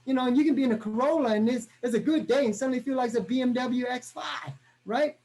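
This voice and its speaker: Energetic man coaching on a video call. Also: very high-pitched, quick pace. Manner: energetic, punctuates every point with "right?". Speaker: motivational business trainer. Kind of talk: motivational training talk on a video call.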